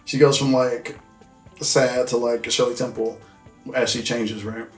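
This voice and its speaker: The host, a man with a medium-pitched, fairly flat voice, talks a little slowly as he loosely recaps a movie. He curses, rambles and peppers his speech with "like" and "you know what I mean," while faint music plays in an echoey space.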